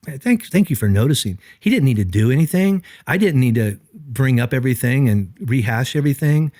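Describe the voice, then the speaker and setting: A middle-aged pastor speaks earnestly on a podcast. His voice sits at an ordinary pitch and swings up and down as he acts out what other people said. The sound is dry and close, with no room echo. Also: fairly quick. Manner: earnest, animated, acts out quoted dialogue. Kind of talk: reflective podcast conversation.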